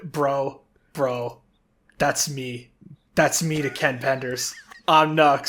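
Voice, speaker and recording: A man co-hosting a casual comic podcast, reacting in an excitable way, swearing and saying bro. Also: medium pitch, takes it slowly. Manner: excitable, profane, calls people bro. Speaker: podcast co-host.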